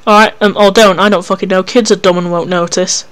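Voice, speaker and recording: Reader playing a grumpy crude mentor, sarcastic, exasperated, smooth clear voice, middling pitch. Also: fairly even intonation, a little fast, fairly bright tone, lightly acted. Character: grumpy weary male mentor, blunt and crude.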